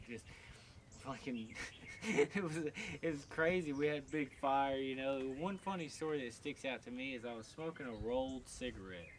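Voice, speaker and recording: A tower climber, telling stories in a casual, profane, animated way. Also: male voice, mid-range voice, slight background noise. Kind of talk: casual storytelling.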